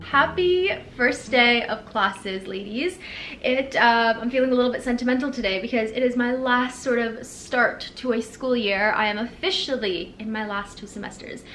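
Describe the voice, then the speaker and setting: A woman's voice: fairly high pitch, measured pace, a bit bright. Chatty young woman vlogging in an echoey room. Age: 20s. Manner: candid and reflective, with many fillers. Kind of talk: casual vlog talk to camera. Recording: echoey with faint background noise.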